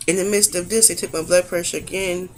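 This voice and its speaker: A woman's voice: fairly low pitch, fairly even intonation, fast, a little hiss or hum. A young woman chatting to camera about a long emergency room visit, tired from sleeping all day, retelling events and acting out what people said, with features. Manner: chatty, recounting events with reenacted quotes; emotional, fighting back tears at times. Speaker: vlogger. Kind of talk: casual storytelling vlog.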